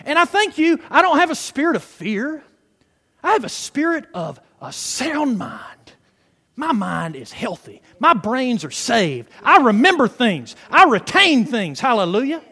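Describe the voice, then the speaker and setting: A man's voice: extremely high pitch, sing-song, measured pace, sharp tone, breathy edge. A man preaching a fervent sermon, peppering his words with hallelujahs and praise God. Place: church sanctuary. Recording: reverberant hall.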